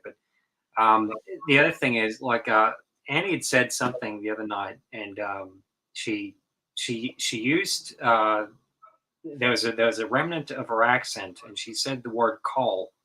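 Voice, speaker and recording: A man from North Carolina with a Southern US accent, chatting casually on a stream in a halting way. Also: medium pitch, sharp tone, low-quality recording. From North Carolina, USA. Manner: halting, many fillers and restarts, laughs. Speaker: stream guest.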